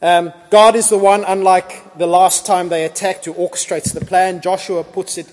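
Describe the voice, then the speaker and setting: Man, pastor's sermon, playful storytelling, high-pitched, long hall reverb. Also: moderate pace. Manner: lively, acts out biblical dialogue in casual voices.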